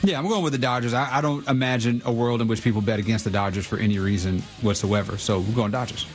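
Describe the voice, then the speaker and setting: Male guest, mid pitch, relaxed amused betting talk, faint music. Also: fast. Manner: easygoing, amused. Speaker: studio guest. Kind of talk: casual sports betting chat.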